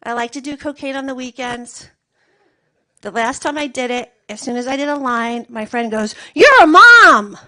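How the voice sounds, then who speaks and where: A woman doing a stand-up comedy set, telling long rambling bits in a deadpan way with lots of filler words. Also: fairly high pitch, normal speed. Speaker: stand-up comic.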